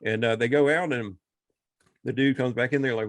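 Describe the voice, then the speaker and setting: A podcast co-host talks briskly in a medium-pitched voice, rambling through a movie retelling and animatedly acting out the characters' lines. The casual chat has studio quality with no room sound.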